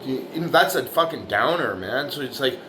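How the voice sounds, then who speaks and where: Over a noisy background, a middle-aged bricklayer vlogger delivers a rambling motivational monologue in a medium-pitched, brisk voice with lively intonation. He's blunt, tough-talking and profane, swearing freely and repeatedly asking "you know, right?"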